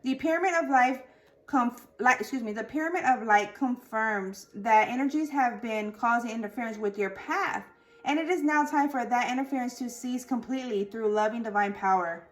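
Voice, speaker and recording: A woman with a slightly high voice giving a tarot and oracle card reading. She reads the card meanings aloud in a steady flow. Between readings her voice drops to quiet, murmured asides. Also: normal speed. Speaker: tarot reader.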